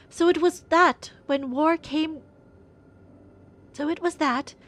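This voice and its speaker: Woman voicing a solemn young queen. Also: high voice. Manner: measured, formal, solemn. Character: grave, dignified young queen recounting the past. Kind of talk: live voice acting of game dialogue.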